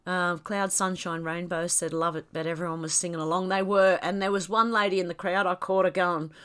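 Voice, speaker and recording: A woman's voice: on the low side, flat delivery, fairly quick, a bit bright, clean tone. Chatty Australian woman with a stuffy nose. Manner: chatty, rambling, laughs often. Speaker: livestream host reading viewer comments. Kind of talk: casual livestream chat.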